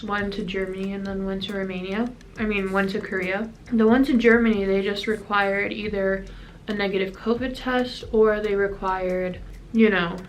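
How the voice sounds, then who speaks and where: A young woman telling a travel story to her phone camera from a hotel room, chatty and animated and a little sniffly from crying. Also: mid-range voice, slight background noise, low-quality recording. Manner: chatty, animated, acts out quoted exchanges. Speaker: vlogger. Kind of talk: casual storytime vlog.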